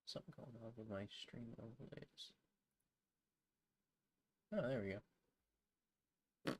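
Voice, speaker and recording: A man's voice: mid-range voice, slow. A man streaming a game, chatting casually and joking, sleepy and yawning after a late night. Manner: laid-back, jokey, chuckles often. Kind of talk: casual gaming stream chat. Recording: background game ambience noise.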